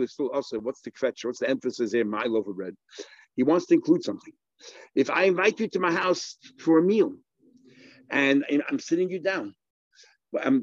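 A man teaching a Talmud page, working it through aloud with questions and many restarts, his speech full of Hebrew and Aramaic words. His voice sits at an ordinary pitch. The recording is dry and a little muffled. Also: darkish tone, no echo. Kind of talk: Talmud lesson.

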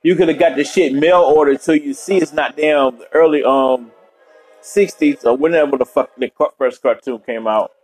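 A man's voice: on the high side, moderate pace, few pauses, darkish tone, slightly rough, faint music behind. A man hosting a podcast, giving loose, profane, rambling commentary while reacting to a movie.

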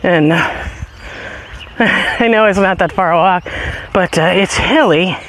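A man chatting casually as he walks his dogs up a hilly road outdoors, a bit out of breath, now and then calling the dogs in a high sing-song voice. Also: measured pace, a bit bright, a little hiss or hum. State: out of breath from walking uphill. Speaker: podcast host. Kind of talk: casual walking vlog.

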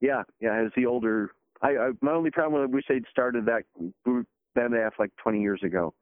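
A man's voice: mid-range voice, a little fast, no room sound. A man, a guest, telling stories in casual chat, heard over a phone line. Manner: rambling, animated storyteller.

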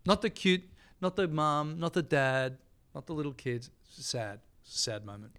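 A middle-aged Australian man, a TV host guesting on a podcast, telling lively anecdotes and acting out the people in them. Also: a little high, normal speed, clean tone. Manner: lively storyteller, acts out quotes.

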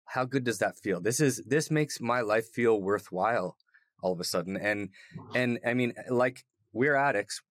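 A male podcast host who chats easily with his guest and backs him up as he talks. His voice is mid-pitched and plain. The sound is dry and close. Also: moderate pace, no room sound. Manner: encouraging, affirming listener. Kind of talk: casual interview chat.

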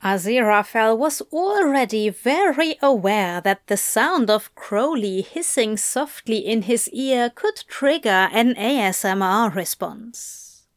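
A woman reading a story aloud in a soft, intimate narration. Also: a little high, expressive, takes it slowly, no echo, clean studio sound. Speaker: reader.

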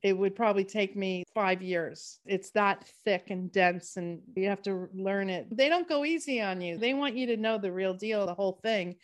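A woman's voice: mid-range voice, normal speed, hardly any pauses. Chatty storytelling woman podcast host. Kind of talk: casual chat.

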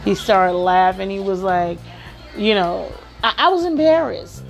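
A woman hosts a podcast, offering advice in a chatty, storytelling style and saying "you know" a lot. Her mid-range voice swings widely in pitch, runs a little slow and sounds creaky, with faint music playing behind her.

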